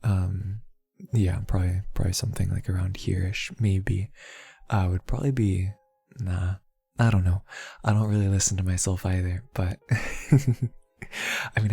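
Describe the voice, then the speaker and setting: A soft-spoken young man chatting casually on an ASMR stream, playful and rambling, laughing often. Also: sits low, steady tone, a little slow, gravelly, long pauses, breathy edge, dry recording. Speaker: VTuber streamer.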